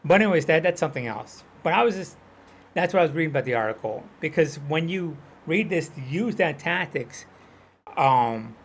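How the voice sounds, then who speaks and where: A man's voice: a little high, slight background noise. A man from Hawaii chatting loosely while streaming a game, rambling and full of fillers. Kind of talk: casual chat while gaming.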